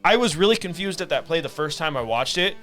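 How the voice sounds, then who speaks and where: A man's voice: fairly high pitch, sing-song, fairly bright tone. Man chatting football, music faintly behind. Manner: halting, restarts phrases. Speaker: podcast co-host. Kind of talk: casual sports chat.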